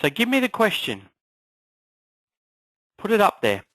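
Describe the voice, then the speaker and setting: A man coaching an online class in an energetic motivational style, firing off rhetorical questions. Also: high-pitched, measured pace, no echo, poor audio. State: clearing a frog in his throat. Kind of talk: motivational live class talk.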